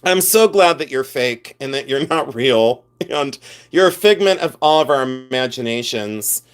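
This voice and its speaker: A middle-aged man hosting a casual jewelry livestream, chatty and excitable, often breaking into exclamations. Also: medium pitch, unhurried. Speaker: livestream host selling jewelry.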